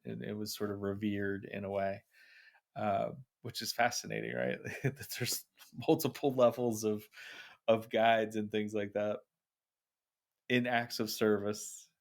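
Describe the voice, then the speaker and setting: Brief: low, gravelly male co-host, hesitant and casual. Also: level tone, unhurried. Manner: hesitant, filler-heavy musing. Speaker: podcast co-host. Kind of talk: casual conversational chat.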